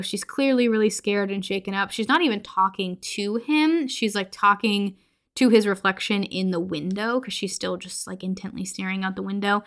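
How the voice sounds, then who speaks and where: A woman's voice: mid-range voice, bright, forceful tone. A woman hosting a horror podcast, recapping a movie in a chatty way full of filler words.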